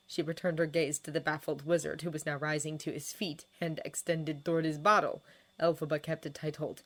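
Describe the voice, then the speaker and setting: A woman reading a fanfiction story aloud, with measured, expressive narration. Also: low-pitched. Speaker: fanfiction reader.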